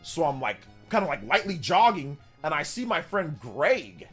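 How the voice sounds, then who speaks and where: A man in his thirties, hosting a livestream and telling a childhood story in a casual, animated way. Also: a little high, moderate pace, breathy edge, faint music behind. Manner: animated, with exaggerated voices for quoted people. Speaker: livestream host.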